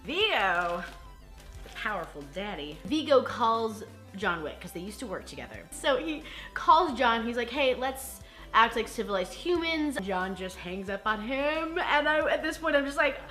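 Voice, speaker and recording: A woman hosting a casual movie recap vlog, talking in an animated, gushing way with laughter and some cursing. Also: a little high, moderate pace, soft background music. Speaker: vlog host reviewing movies.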